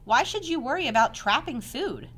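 A woman reading aloud and voicing a wise, kind female spider who explains things patiently and teases gently. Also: high voice, sing-song, moderate pace, pitched above the performer's own voice, heavily acted. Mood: gentle.

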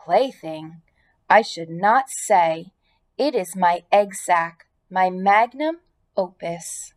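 A woman reading aloud, voicing a gentle, weary female spider who speaks softly and slowly in a weak voice. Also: fairly low pitch, lively intonation. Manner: soft, slow and weak.

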